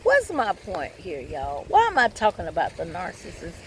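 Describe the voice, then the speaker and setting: A woman's voice: lowish voice, wildly swooping pitch, normal speed, a little hiss or hum. A woman vlogger telling her own story and giving advice to viewers. She talks bluntly and candidly, swears freely, and keeps turning to her audience.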